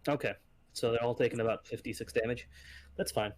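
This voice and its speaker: A man running a tabletop game as game master, easygoing and often pausing with fillers. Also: medium pitch, fairly even intonation, a little mellow.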